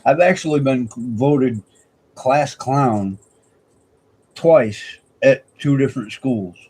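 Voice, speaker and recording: Laid-back man with a mellow voice. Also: mid-range voice, slow pace, husky, rough recording. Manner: rambling, chuckling, laid-back. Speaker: streamer. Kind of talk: casual chat. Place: outdoors at night. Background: faint crickets and insects.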